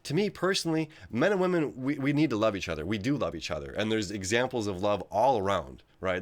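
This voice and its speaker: A man talking casually on his own, rambling and conversational, often checking in with "right?" as he goes. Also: on the low side. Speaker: astrology video host. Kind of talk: casual solo monologue.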